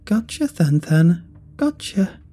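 Deranged old woman in a storybook horror tale, high, crackly and stuttering, voiced by a male narrator. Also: very animated, slow, warm tone, slightly rough, soft background music, heavily acted. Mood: leering, unhinged.

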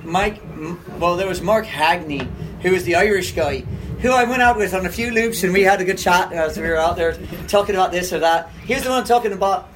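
A man chatting casually among friends, telling animated stories and slipping into quoted voices. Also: high voice, fairly quick, a little hiss or hum, rough recording. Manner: animated storyteller who puts on an Irish accent for quotes. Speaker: ultrarunner guest. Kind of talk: casual chat over beer. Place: garage.

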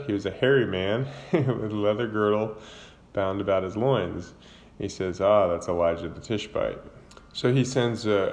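A man casually retelling a Bible book in his own words, with fillers and self-corrections. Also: on the low side. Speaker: Bible reader retelling scripture. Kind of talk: casual Bible summary and commentary.

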